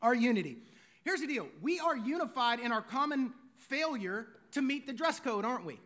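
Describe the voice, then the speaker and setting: High-voiced pastor preaching. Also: male voice, expressive, normal speed, a bit bright. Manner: conversational preaching with rhetorical questions and Southern slang. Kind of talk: sermon.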